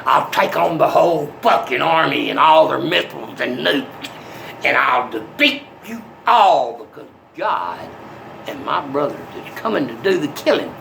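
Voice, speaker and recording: Older guy rambling to camera, gravelly voice, pitch jumps all over, soft one sec then menacing. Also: big pitch swings, unhurried, slight background noise, rough recording. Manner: volatile, swinging from soft to menacing.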